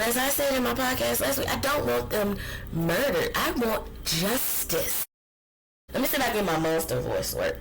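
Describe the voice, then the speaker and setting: Woman podcast host, high voice, heated and profane delivery, solo commentary. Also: fairly bright tone, low-quality recording. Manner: impassioned, profane, ranting.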